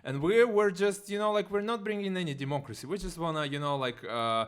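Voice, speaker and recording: A man's voice: sits high, animated, very fast, clear, resonant tone. A man from Siberia with a Russian accent, a comedian guest chatting casually on a podcast and packing his speech with fillers. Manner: filler-heavy, chatty, laughs often.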